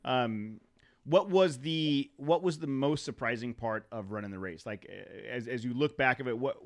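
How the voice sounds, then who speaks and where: A man with a mid-range voice hosts a casual podcast. He asks his questions in an easygoing way, with some hesitant restarts. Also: medium pitch. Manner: easygoing, halting questions, quick to laugh. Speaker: podcast host.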